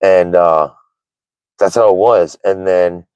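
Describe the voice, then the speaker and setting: A man's voice: sits low, steady tone, slow, a little mellow, clean tone, dry recording, low-quality recording. A man in his thirties hosting a casual livestream chat, candid and rambling, with lots of "like" and "right?". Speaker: livestream host.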